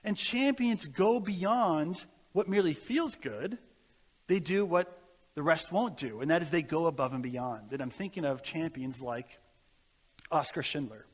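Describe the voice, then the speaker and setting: A man's voice: fairly high pitch, lively intonation, measured pace, long reverb tail. A man delivering an earnest, exhorting sermon as a guest speaker in a church, telling stories and ending in prayer.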